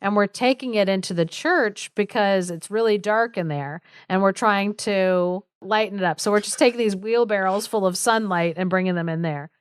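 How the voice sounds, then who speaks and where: A woman's voice: medium pitch, moderate pace, hardly any pauses, smooth, no echo, lightly acted. A woman on a podcast voicing a group of earnest, simple-minded village men in a folk tale, in a slightly raised, eager voice.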